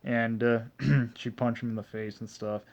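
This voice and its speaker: A man casually recapping an anime episode, rambling with heavy fillers, cursing and frequent throat clearing. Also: mid-range voice, fairly even intonation, measured pace, darkish tone. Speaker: anime reviewer. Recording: dull lo-fi recording.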